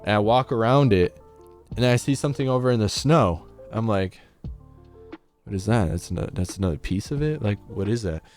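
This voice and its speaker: A man's voice: fairly low pitch, lively intonation, moderate pace, a little mellow. A young man with a Midwestern American accent casually retelling a story as a vlogger, rambling with many restarts and "like"s. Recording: faint music underneath.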